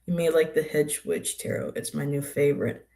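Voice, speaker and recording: Low-voiced older woman chatting live. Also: little pitch movement, normal speed, dark tone. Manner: chatty, talks to viewers by name. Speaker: tarot livestream host. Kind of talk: casual livestream chat.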